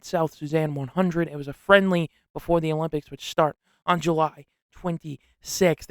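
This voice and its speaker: A young man hosting a casual solo sports podcast, rambling and excitable with lots of slang. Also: fairly high pitch, no echo, clean studio sound. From upstate New York. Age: young adult.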